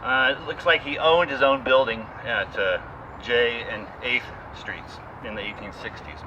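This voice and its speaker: A man's voice: medium pitch, unhurried, lo-fi sound, noisy background. A man reading a comic poem aloud with theatrical flair, then talking as a guide on an outdoor tour. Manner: theatrical recitation, laughing at the verse. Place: outdoors in a cemetery.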